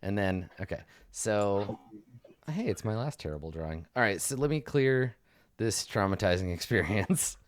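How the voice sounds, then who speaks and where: A man's voice: fairly low pitch, lively intonation, moderate pace, dry recording. A man narrating as dungeon master in a rambling way, full of ums and likes, on a stream call from home. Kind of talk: narrating a tabletop game.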